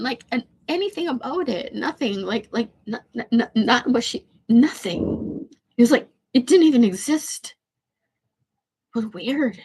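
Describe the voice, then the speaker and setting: A woman with a high voice rants to her livestream. Her voice is shaky, tearful and slightly hoarse. She talks in halting, repetitive bursts and swears without holding back. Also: animated, a little mellow. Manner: rambling, stammering, repeating herself; blunt, swears freely. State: hoarse from losing voice. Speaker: livestream host. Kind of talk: emotional venting rant.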